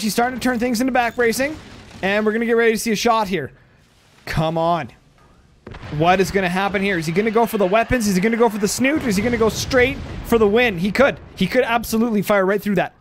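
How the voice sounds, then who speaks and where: A man's voice: high-pitched, fast talker, slight background noise. A man giving casual, jokey play-by-play commentary on a strategy game match, his voice starting to tire. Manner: jokey, excitable, voice going tired.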